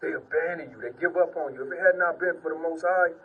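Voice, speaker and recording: A man preaches and reads scripture with a raspy, fairly high voice. He is earnest and repetitive, dropping "man" into nearly every line. He sits some distance from the mic, so he sounds a little far away. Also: fast talker, narrow, tinny audio. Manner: sits on the ground while preaching. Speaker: preacher giving a testimony. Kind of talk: informal preaching and scripture reading.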